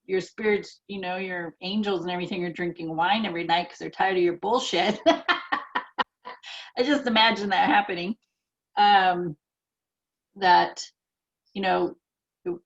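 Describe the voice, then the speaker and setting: A woman's voice: medium pitch, creaky. A woman co-hosting a casual chat as a spiritual teacher, telling stories candidly and sometimes swearing. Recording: muffled lo-fi audio.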